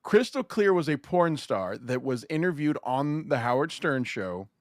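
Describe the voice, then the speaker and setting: A man's voice: mid-range voice, sing-song, unhurried, dry recording, clean studio sound. A man hosting a podcast, retelling a story in casual, profane chat. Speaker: podcast host.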